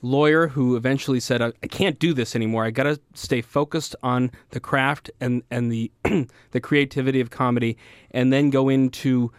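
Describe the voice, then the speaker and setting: A male interviewer asks questions at a measured pace, now and then pausing on a filler. His voice is smooth and clear. The recording is dry and close, with no room echo. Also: mid-range voice, fairly even intonation. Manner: measured, with some hesitant fillers. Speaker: interviewer, host.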